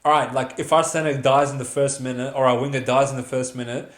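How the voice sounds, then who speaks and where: Co-hosting a sports podcast, a man breaks down games in blunt, profane, chatty analysis. His voice is medium-pitched and flat, his pace a little fast, and the recording has a roomy echo.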